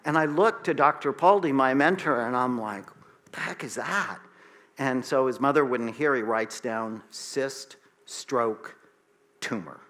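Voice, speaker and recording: A man around sixty from the United States, a psychiatrist telling a story in a lecture, acting out the dialogue with lively shifts in pitch and loudness. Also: measured pace. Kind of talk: storytelling talk to an audience.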